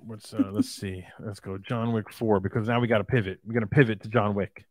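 A man co-hosting a casual podcast, lively and quick to act out scenes in mimicking voices. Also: fairly low pitch, dry recording. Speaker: podcast co-host. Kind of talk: casual chat.

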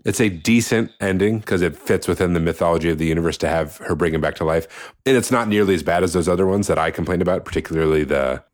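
A man with a very low voice discusses a movie in a calm, measured way. His remarks carry a dry, wry edge as he weighs the story. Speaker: podcast co-host.

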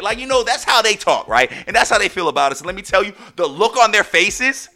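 A man hosting a podcast, telling stories in a casual monologue with loud, excited exclamations, and addressing listeners as "ladies and gentlemen". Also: sits high, brisk, few pauses, soft background music. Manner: animated storyteller, bursts into loud excited exclamations. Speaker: podcast host.

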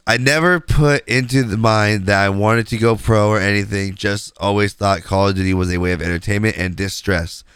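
A man hosts a casual gaming podcast with a stuffy, nasal voice from a cold. He speaks in a fairly low, smooth voice and gives blunt, opinionated takes. The sound is dry and close. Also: fairly even intonation, moderate pace, few pauses, a bit bright, no echo. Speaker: podcast host.

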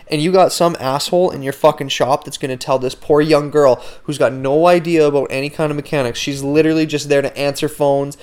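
A young man hosting a podcast, telling a story in a casual, animated way with frequent swearing and lots of "like" fillers. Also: on the high side, brisk, few pauses, clear, resonant tone. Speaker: podcast host.

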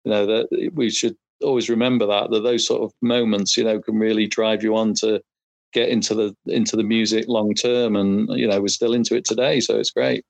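Gravelly male guest, halting casual chat, dry recording. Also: fairly low pitch, flat delivery, no echo. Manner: reminiscing, halting with fillers. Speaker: podcast guest, listener.

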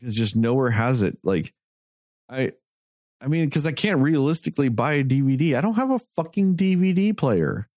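A man in casual chat who rants with a lively, swooping voice and swears a lot. His sound is dry and close, with no room around it. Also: mid-range voice, normal speed, no echo. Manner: animated ranting, heavy swearing.

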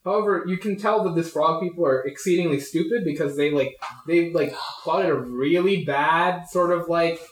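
Rambling young game master in an echoey room. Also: male voice, fairly high pitch, slight background noise. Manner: halting, full of likes and ums, laughs often. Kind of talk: narrating a tabletop game.

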